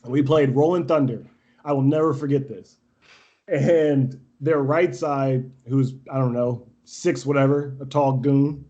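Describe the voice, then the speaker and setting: A young man telling brash stories in a casual interview, animated and laughing often. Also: mid-range voice, a little slow, dull audio. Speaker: podcast guest, volleyball coach.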